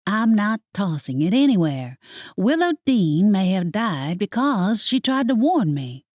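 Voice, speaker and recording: A woman's voice: mid-range voice, sing-song, measured pace, no echo, muffled recording. Earnest young heroine, voiced by a woman.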